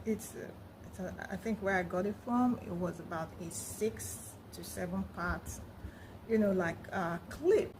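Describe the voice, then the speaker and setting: A woman hosting a reaction video, talking slowly and expressively. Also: lowish voice, background noise. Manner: slow, expressive, rising emphasis. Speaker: host.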